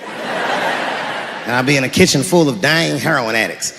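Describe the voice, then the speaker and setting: Animated stand-up man on a live stage. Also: medium pitch, measured pace, vocal fry, background noise. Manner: animated storytelling, switching into character voices. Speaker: stand-up comedian. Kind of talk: stand-up comedy. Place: live stage before an audience. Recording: live hall recording with crowd ambience.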